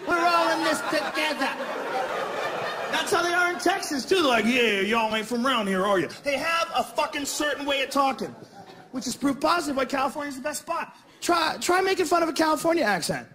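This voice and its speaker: A man from Boston doing a stand-up comedy routine on stage, telling loud, profane stories and acting out voices. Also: very high voice, brisk. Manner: loud, animated, profane storytelling with acted-out voices. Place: comedy stage in front of a live audience. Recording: live club stage mic, long hall reverb, audience noise.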